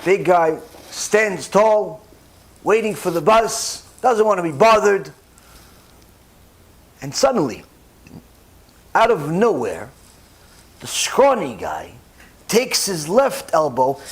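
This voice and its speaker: A rabbi giving a sermon, telling stories with emphatic repetition and animated delivery. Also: male voice, sits high, slow, pauses often, breathy edge. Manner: repeats phrases for emphasis.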